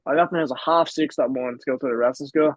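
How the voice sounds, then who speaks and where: A young Irish man in his twenties rattles through a story at a quick clip, rambling and cursing casually. His voice sits in an ordinary middle range. It is recorded close and dry, with no room sound around it. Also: mid-range voice, no room sound, muffled recording. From Ireland. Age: 20s. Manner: rambling storyteller, swears freely. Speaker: guest, pro wrestler. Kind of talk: casual podcast chat.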